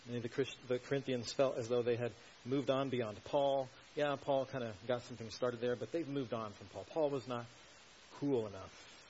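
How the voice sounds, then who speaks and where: A man preaching an expository sermon, stressing key words loudly and asking rhetorical questions. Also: medium pitch, fairly even intonation, normal speed. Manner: emphatic, swells to loud stresses, asks rhetorical questions. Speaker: pastor. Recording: dull lo-fi recording with faint hiss.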